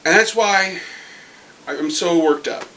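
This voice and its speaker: A man with a high voice rants about comics in an angry video review. His tone is bright and sharp, and he gets excitable and swears often. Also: slow pace, slight background noise, rough recording. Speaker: comic book fan vlogger.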